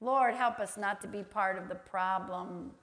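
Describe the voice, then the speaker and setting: A woman's voice: medium pitch, measured pace, fairly bright tone. A woman preaching a sermon who acts out little quoted voices and laughs easily.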